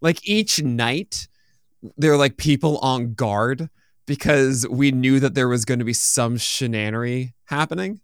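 A man hosting a casual chat, telling stories in a relaxed, rambling way. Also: medium pitch, measured pace, clear, resonant tone, no echo, studio quality. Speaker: host.

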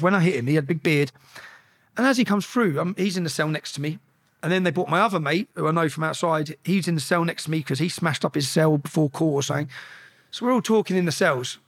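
High-pitched guy talking blunt and rough, lots of swearing and restarts, casual interview storytelling. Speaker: guest.

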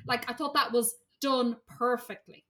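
A woman's voice: fairly high pitch, fairly even intonation, a little slow, fairly bright tone. A woman co-hosting a podcast, talking enthusiastically about a film she enjoyed. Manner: enthusiastic, gushing praise. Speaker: podcast co-host. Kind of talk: casual film review chat.

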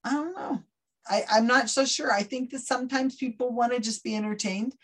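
A woman with a somewhat high, husky voice talks in a relaxed interview. She is animated and slips into other people's voices as she explains her point. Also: a little fast. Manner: animated, acts out quoted voices mid-story. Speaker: guest skeptic of psychics. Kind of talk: conversational interview.

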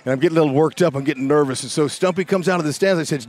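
Excitable folksy man in his sixties. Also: on the high side, racing. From California. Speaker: guest broadcaster, former ballplayer. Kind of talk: animated storytelling in a sports talk interview.

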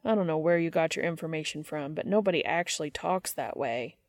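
A woman doing a deadpan weary hunter man. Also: low-pitched, brisk, dry recording, clean studio sound. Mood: exasperated. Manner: deadpan, exasperated.

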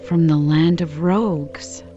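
An irascible, hot-tempered sailor, read by a woman in a slow, mellow, low-set storybook voice. He spits out blunt complaints. The recording is dull and lo-fi, with faint music underneath. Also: fairly even intonation. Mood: indignant. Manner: indignant, blunt outbursts. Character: irritable hot-tempered male sailor, harpooner.

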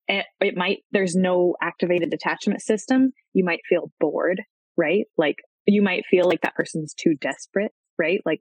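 Woman guest expert, low-pitched, conversational, dry close mic. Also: fairly even intonation, moderate pace, no echo, low-quality recording. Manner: acts out quoted voices, frequent "right?" and "um". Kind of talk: conversational explaining.

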